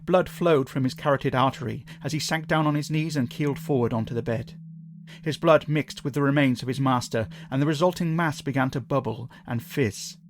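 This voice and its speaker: A man narrating a scripted horror story in a measured, dramatic way. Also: mid-range voice, slight background noise.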